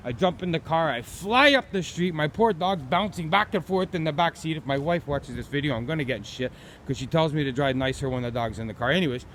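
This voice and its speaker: A man's voice: on the high side, lively intonation, brisk, a bit bright, slight background noise. A middle-aged man, ranting bluntly and profanely as he tells an angry story in his vlog. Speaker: vlogger.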